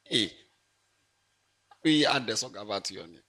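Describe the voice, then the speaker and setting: A man preaching in church, playful and animated, laughing often and swinging from loud exclamations to quiet asides. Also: on the low side, moderate pace. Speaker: pastor. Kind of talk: lively sermon.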